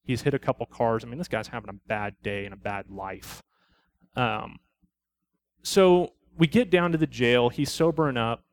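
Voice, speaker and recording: A middle-aged male police officer shares a testimony at a church study, narrating his calls in a plain, conversational way. He quotes the people he met and lands on blunt, preachy conclusions, in a voice of ordinary middle pitch. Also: moderate pace, no room sound. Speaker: lay speaker at a church study. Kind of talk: personal testimony in a church talk.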